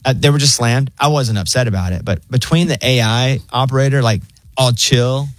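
A man's voice: fairly quick, dry recording. A young adult man co-hosting a casual talk show, telling stories and mimicking voices. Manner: animated storyteller, mimics voices in high pitch. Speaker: co-host. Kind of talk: casual chat.

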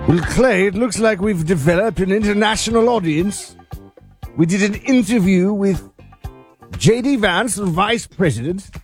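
A man's voice: high voice, moderate pace, soft background music. A man co-hosting a talk radio show, bantering in a playful, joking manner into a studio mic. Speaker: co-host.

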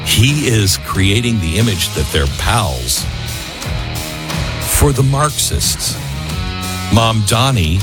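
A man's voice: fairly low pitch, sing-song, slow, long pauses, over loud music. A man hosting talk radio, giving emphatic, argumentative political commentary from a studio. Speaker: radio talk show host.

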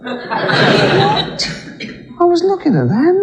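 A man doing a high, squeaky, exasperated voice for an indignant God in a stand-up act. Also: huge pitch swings, takes it slowly, exaggerated voice. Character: indignant, leering male God, high and shrill. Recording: reverberant live venue with noise.

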